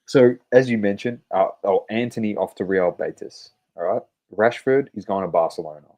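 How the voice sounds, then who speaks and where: Low, mellow-voiced man. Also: normal speed. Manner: blunt, sweary, animated football banter. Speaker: podcast co-host. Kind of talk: casual sports chat.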